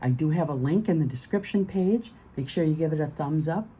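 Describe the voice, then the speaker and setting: A woman reading a children's storybook aloud, gentle and expressive. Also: low voice, brisk, a little hiss or hum, low-quality recording.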